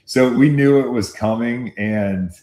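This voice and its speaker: A man telling a football story as a guest, animated and laughing, on a phone video call. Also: medium pitch, measured pace, reverberant. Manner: animated storyteller, acts out voices in quotes, laughs often.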